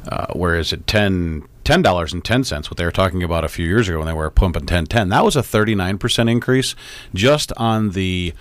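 A man appearing as a guest on a radio talk show, explaining his views in an earnest, measured way. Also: deep voice, animated, dry recording. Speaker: political activist guest. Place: radio studio.

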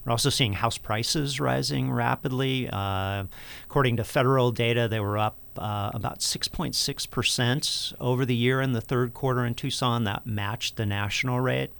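A man who directs an economic research center, answering interview questions in a measured, explanatory way with frequent fillers. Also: mid-range voice, creaky, fairly bright tone, clean tone.

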